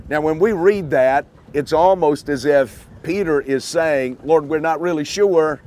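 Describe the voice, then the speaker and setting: A man preaching a sermon outdoors by the water, deliberate and emphatic, repeating his key points. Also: on the high side, darkish tone.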